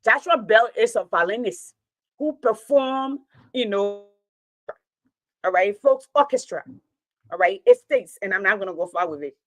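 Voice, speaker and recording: A woman's voice: mid-range voice, animated, measured pace, long pauses, no echo, low-quality recording. A woman, a teacher talking straight to her online audience in an impassioned, preachy monologue, repeating her points for emphasis.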